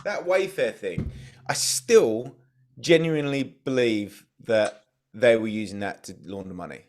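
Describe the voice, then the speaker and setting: Dude on a podcast stream, dry jokes, reads chat out, normal pitch. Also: male voice, animated, a little slow. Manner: dry, joking asides, reads viewer questions. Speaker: podcast co-host. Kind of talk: casual live-stream chat.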